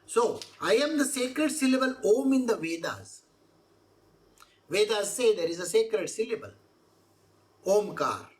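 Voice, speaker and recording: A woman's voice: mid-range voice, sing-song, unhurried, pauses often, a little mellow. A woman explaining scripture verse by verse as a spiritual teacher, repeating her points and asking rhetorical questions. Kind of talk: scripture exposition talk.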